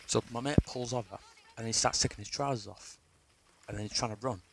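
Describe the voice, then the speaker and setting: A man's voice: medium pitch, fairly quick, creaky, slight background noise, rough recording. A young man, telling a rambling, sweary personal story in a casual way. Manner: rambling, sweary, restarts a lot.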